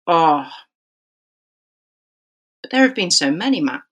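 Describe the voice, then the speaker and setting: Woman referee; animated podcast storyteller who acts out the voices in her tale, slightly low voice. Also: slow, slightly rough. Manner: animated storyteller acting out dialogue. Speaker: rugby referee. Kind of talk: podcast anecdote.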